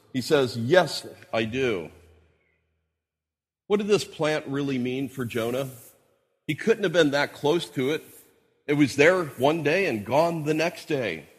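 Husky-voiced preacher in a reverberant hall. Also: male voice, a little high. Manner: expository preaching with quoted scripture. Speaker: pastor. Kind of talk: sermon. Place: church hall. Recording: church hall recording with long reverb.

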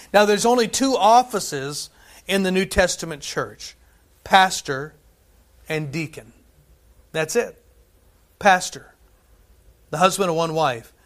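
A man preaching a sermon in a conversational way, often checking in with "right?" and dropping from loud to hushed. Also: a little high. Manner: conversational, frequent "right?" asides, swings between loud and hushed.

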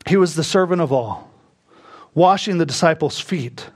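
A man preaching a sermon, moving between quiet, hushed reflection and sudden bursts of emphasis. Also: a little high, expressive. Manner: slow, reflective preaching that drops to a hush and rises to bursts of emphasis. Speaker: pastor.

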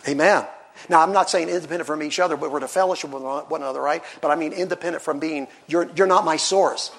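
A pastor in his sixties, a man preaching a sermon in church, animated and acting out the voices he quotes. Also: fairly high pitch, quick pace, vocal fry.

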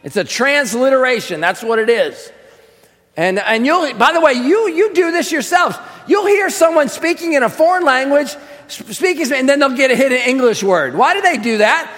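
High-voiced pastor preaching in a reverberant hall. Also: male voice, expressive, moderate pace, a bit bright. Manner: conversational teaching with rhetorical questions; emphatic, raises voice for stress. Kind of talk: sermon.

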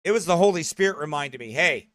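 A man's voice: high-pitched, animated, moderate pace, a bit bright, dry recording. Earnest man preaching, dry close sound. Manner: conversational, earnest, self-correcting. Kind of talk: sermon.

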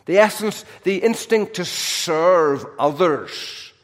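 A man preaching a sermon, swinging between loud, emphatic lines and soft, hushed drops. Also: high voice, expressive, takes it slowly. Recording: long reverb of a large hall.

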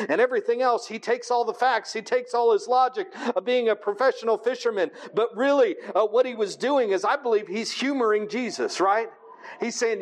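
A man with a notably high voice delivers a sermon. He reads scripture aloud, then explains it in plain, conversational terms, often stopping to ask his listeners "right?". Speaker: preacher.

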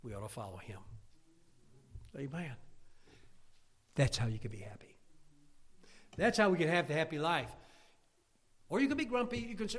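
A middle-aged preacher with a gravelly voice, pitched a little high for a man. He preaches with fire, climbs to near-shouts when stirred, and plays out the doubts of his hearers in his own voice. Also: sing-song, moderate pace, pauses often. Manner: acts out imagined listeners' objections. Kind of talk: sermon.

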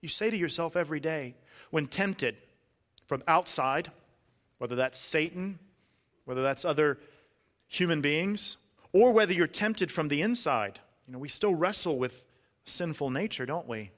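With expressive, somewhat slow delivery, a man preaches earnestly and emphatically. He punches lists out word by word and drops to a soft, low tone at key moments.

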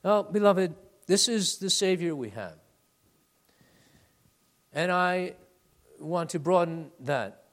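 High-voiced, slow-spoken male preacher. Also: animated. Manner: swings between loud emphatic peaks and hushed low asides, addressing listeners as beloved. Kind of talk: sermon.

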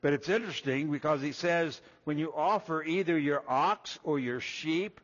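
A man preaching a sermon, folksy and animated, acting out little quoted voices as he walks through Scripture. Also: a little high, normal speed, highs cut off. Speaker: pastor.

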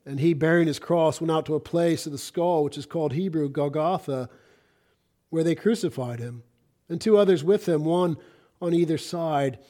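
A man with a notably high voice delivers a fervent sermon, reading scripture aloud. He swings between loud, ringing cries and hushed, breathy whispers. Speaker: preacher.

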